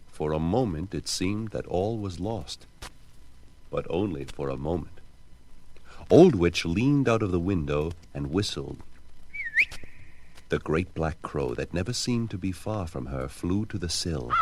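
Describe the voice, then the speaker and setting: A man narrating a children's storybook record in an expressive, theatrical way. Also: low-pitched, slight background noise.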